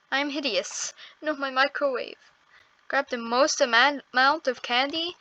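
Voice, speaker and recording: A woman's voice: high-pitched, steady tone, a little slow, sharp tone, lo-fi sound. Nervous, apologetic young woman gaming. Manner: nervous, apologetic, exclaims and laughs often. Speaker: first-time gaming video creator. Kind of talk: casual gameplay commentary.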